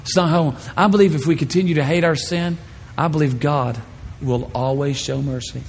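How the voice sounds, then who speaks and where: Man, pastor, sermon, high voice, faint room noise, animated storytelling. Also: moderate pace, in a large hall. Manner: animated, playful storytelling with shouted impressions.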